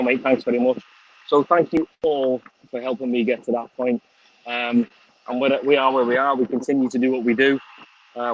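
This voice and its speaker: Scouse middle-aged male streamer, outdoors, swears a lot, dull lo-fi mic. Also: medium pitch. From England. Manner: swears freely, chatty, thanks viewers by name. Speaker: vlogger. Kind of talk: casual outdoor livestream chat. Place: outdoors on a windy sunny day. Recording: slightly dull lo-fi stream audio.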